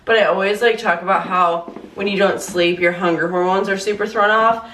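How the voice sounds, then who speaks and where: A woman's voice: mid-range voice, fairly even intonation, normal speed, a bit bright, roomy sound. A young woman vlogging her morning in casual chat, laughing often and filling her talk with "like" and "you know". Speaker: lifestyle vlogger. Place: home with a workout space, indoors.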